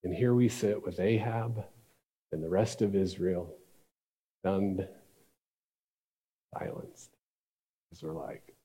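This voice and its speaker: A man preaching a sermon, telling a story with dramatic shifts between loud and hushed delivery. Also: sits low, slow, long pauses, husky. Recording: reverberant hall.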